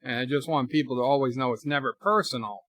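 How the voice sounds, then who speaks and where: A man's voice: mid-range voice, quick pace, a bit bright, no echo. A man hosting a live movie rewatch, chatting and reading viewer comments aloud as he reacts.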